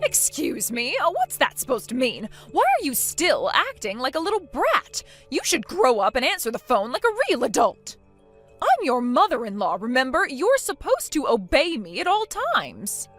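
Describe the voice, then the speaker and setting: A woman's voice: high-pitched, wildly swooping pitch, moderate pace, exaggerated voice. A woman voicing a bossy mother-in-law. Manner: bossy, demanding. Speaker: story character. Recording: soft music behind.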